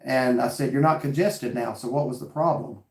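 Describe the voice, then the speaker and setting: A man's voice: medium pitch, moderate pace, darkish tone, reverberant. A man hosting a casual chat and telling a story earnestly with quoted back-and-forth dialogue. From North Carolina. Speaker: vlog host reading live chat.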